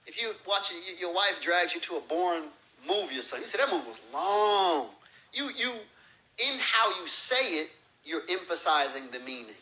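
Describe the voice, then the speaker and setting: A man gives an explanatory lecture in a bright, fairly high voice. He illustrates his points with everyday examples, acting out short phrases along the way. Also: expressive, fairly quick, poor audio. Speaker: religious teacher.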